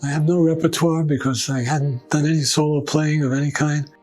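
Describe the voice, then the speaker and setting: Older man telling lively anecdotes. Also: fairly high pitch, fairly quick, soft background music, low-quality recording. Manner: animated anecdotes, acting out quoted voices. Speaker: oral history storyteller. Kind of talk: oral history recollection.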